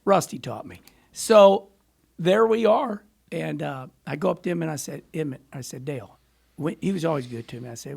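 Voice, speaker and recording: Middle-aged male guest, high gravelly voice, animated storyteller. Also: fairly quick. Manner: animated, rambling storyteller who laughs often. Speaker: podcast guest, former racer. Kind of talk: storytelling in casual chat.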